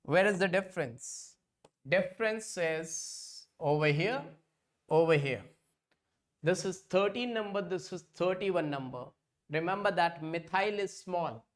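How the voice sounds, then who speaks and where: A man's voice: high-pitched, measured pace. A man teaching an online exam-prep lecture. He repeats points again and again and keeps calling his students kids.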